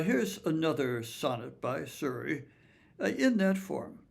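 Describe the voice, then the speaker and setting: A man giving a recorded talk on poetry, reading verse aloud in a slow, measured way. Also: on the high side, gravelly. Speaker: lecturer on poetry.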